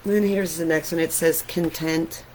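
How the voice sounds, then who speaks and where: A middle-aged woman, an artist, talking casually and reflectively while showing her sketches, with soft laughs now and then. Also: low-pitched, steady tone, moderate pace, a little hiss or hum, poor audio.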